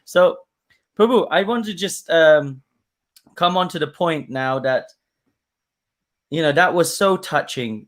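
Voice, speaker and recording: A man hosting an interview, enthusiastic and gushing as he asks questions. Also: a little high. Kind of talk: casual interview.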